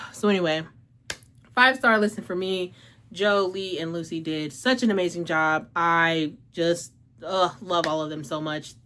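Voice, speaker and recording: A woman's voice on the low side, pushed and bright, moves a little slowly as she hosts a casual book review vlog. She gushes emotionally, uses "like" heavily, swears, laughs a lot, and is slightly out of breath.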